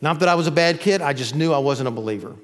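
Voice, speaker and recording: Male pastor, sermon, fairly high voice, swells loud then hushes, long echo of a big hall. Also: animated, fast talker. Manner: preaching with sudden swells into loud crying-out; drops to a hushed, low voice at tender moments. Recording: long reverb of a large hall.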